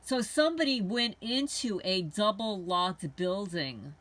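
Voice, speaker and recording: A woman's voice: medium pitch, expressive, unhurried, fairly bright tone. A woman hosting a homesteading channel, talking to camera in a heated, indignant monologue and swearing now and then. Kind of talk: rambling angry monologue to camera.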